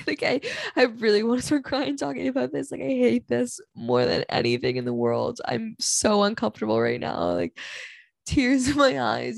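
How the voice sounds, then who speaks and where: A young woman in her twenties hosts a candid solo podcast with a noticeably gravelly, fry-heavy voice. She talks bluntly and dramatically, swearing freely and sighing often. The sound is close and dry, with no room echo. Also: on the high side, expressive, normal speed. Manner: blunt, profane and dramatic, with frequent sighs. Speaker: podcast host.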